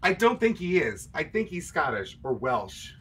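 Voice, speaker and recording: A man's voice: a little high, big pitch swings, normal speed, a bit bright, a little hiss or hum. A man hosting a livestream, chatting casually with viewers between show tunes and joking about himself. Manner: self-mocking, joking, chatty asides to viewers. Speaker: livestream singer and host.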